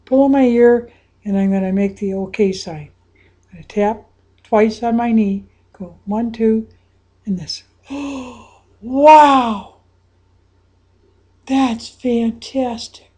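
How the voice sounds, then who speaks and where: A woman with a slightly high, breathy voice leads a guided visualization. She speaks slowly and unhurriedly, often sinking to a whisper. Then she lifts into bursts of excitement. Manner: slow and breathy, dropping to whispers, then rising to excited exclamations. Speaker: anxiety coach guiding a visualization.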